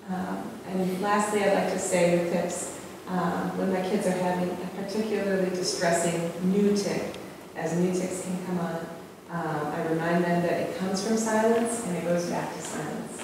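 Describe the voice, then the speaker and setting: A woman giving a candid, conversational talk to an audience as a parent, with frequent fillers. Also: on the low side. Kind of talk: informal presentation to an audience. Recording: echoey hall, far from mic, room noise.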